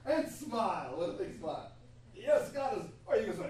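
A woman preaching a sermon in an animated, laughing way. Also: mid-range voice, normal speed. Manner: animated, laughing, acts out God's voice. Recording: echoey hall from far off, faint hum.

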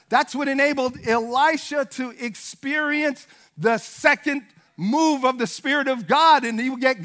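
Fervent preacher man, very high and bright. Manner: fervent, animated preaching with shouted peaks and acted-out Bible dialogue. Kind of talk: sermon.

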